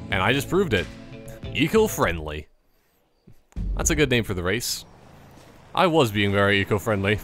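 Lively man rambling over gameplay. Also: mid-range voice. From Canada. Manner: rambling, joking asides and tangents. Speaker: gameplay commentator. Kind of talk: casual let's-play commentary.

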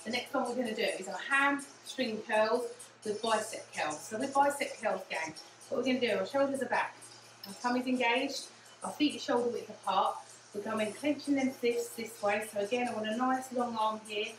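Over music in an echoey room, an English-accented instructor guides a low impact cardio class at normal speed, encouraging and repetitive with cues like "again" and "yeah." She's breathless at moments, and the distant-mic recording has a little hiss or hum.

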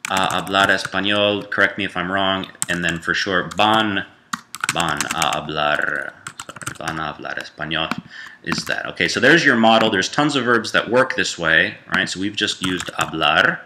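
A man's voice: deep voice, normal speed, bright, forceful tone, a little hiss or hum. A man giving a casual grammar lesson, talking loosely with fillers and self-corrections. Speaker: Spanish teacher.

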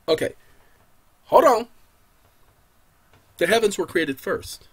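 A man hosting his own channel, giving an impassioned, preacher-like lecture to his audience. He talks emphatically, keeps addressing "ladies and gentlemen," and swings between hushed and loud delivery. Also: high voice, expressive, slow pace, long pauses, slightly rough. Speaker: channel host giving legal advice.

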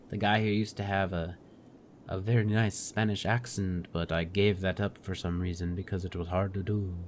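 A man's voice: low voice, flat delivery, moderate pace, slight background noise. A man hosting a casual let's play, making self-mocking, joking asides between the story lines. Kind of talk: casual gameplay commentary.

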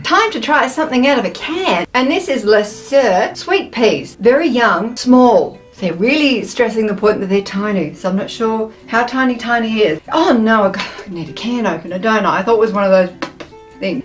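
A woman chatting casually through a food taste test, enthusiastic and playful, with savoring sounds between bites. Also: fairly high pitch.

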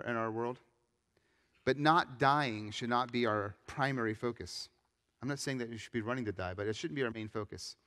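A young adult man, a pastor, preaching a sermon with animated storytelling and acted-out voices. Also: mid-range voice, big-room sound. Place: church sanctuary.

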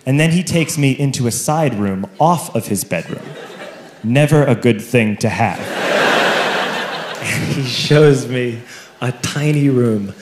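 A male stand-up comedian telling a story on stage, animated and building to shouted punchlines. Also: medium pitch, measured pace, noisy background. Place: live venue with laughing audience. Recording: roomy live stage recording with crowd. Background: audience laughter.

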